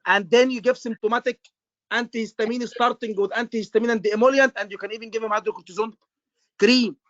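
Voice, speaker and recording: This is a man, tutoring medical exam candidates in a live session. His voice sits notably high for a man, and he drills the class with repeated questions and emphatic points. The sound is dry and slightly muffled. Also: steady tone, fast, fairly bright tone, dry recording. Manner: repetitive, quizzing students, emphatic. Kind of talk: live online lecture.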